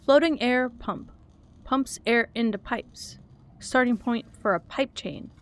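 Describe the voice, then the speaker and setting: A woman's voice: on the high side, slow. A young woman streaming a game, chatting to her viewers in a nervous, giggly way and swinging between whimpering fear and casual commentary.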